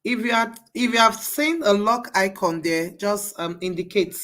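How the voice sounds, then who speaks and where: A woman's voice: medium pitch, normal speed, fairly bright tone. A woman leading a live class, walking students through each step and repeating herself to coax them along. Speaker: bootcamp instructor.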